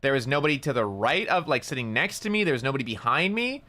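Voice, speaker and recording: Bright-voiced man rambling casually. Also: mid-range voice, sing-song, fast. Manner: rambling, stammers and repeats words, swears casually. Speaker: streamer. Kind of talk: casual storytelling while gaming.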